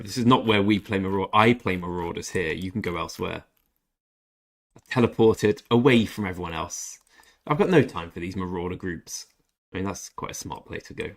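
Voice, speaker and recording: A young man with a British accent and a somewhat low voice chats casually on a gaming livestream. He answers viewers by name and talks in a loose, chatty way, giving blunt opinions with a little swearing. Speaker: gaming streamer. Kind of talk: casual livestream chat while playing.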